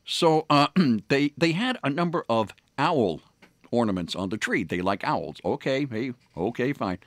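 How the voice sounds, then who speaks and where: Rambling, lively radio host man. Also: mid-range voice, measured pace, no echo. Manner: rambling, many fillers and restarts. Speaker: radio morning show host. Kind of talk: casual on-air storytelling. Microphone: studio microphone.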